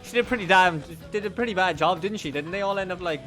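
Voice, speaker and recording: A man's voice: high voice, fast, fairly bright tone, faint music behind. Chatty Monaghan-accented Irish man streaming. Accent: Irish, County Monaghan. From Ireland. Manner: rambling and chatty, swears, laughs often. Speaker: gaming streamer. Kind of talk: casual chat while playing a game.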